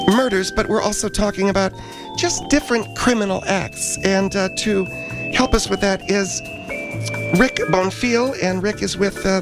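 A man's voice: high voice, vocal fry. A man hosting a radio show, rambling and hesitant with many fillers.

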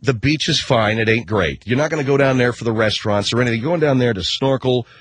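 A man's voice: mid-range voice, fast talker, slightly rough. A middle-aged man hosting a talk show, telling a rambling, sarcastic comic rant with casual swearing and constant self-corrections. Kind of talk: comedic rant monologue.

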